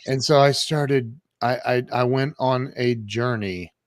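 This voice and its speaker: A man in his fifties, a guest on a podcast, tells his life story in a lively, conversational way, with frequent restarts and fillers. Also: mid-range voice, slow pace, no echo, clean studio sound. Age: 50s.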